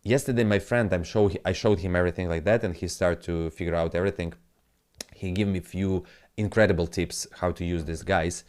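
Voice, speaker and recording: A man in a low, darkish voice with fairly even intonation moves briskly through crypto charts as a trading analyst. His casual talk is in non-native English, rambling and self-muttering with occasional swearing.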